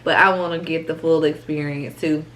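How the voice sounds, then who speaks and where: A woman hosting an eating video, chatting casually and warmly about her food while she eats. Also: low voice, flat delivery, normal speed, poor audio. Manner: chatty, talks through meals. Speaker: mukbang host.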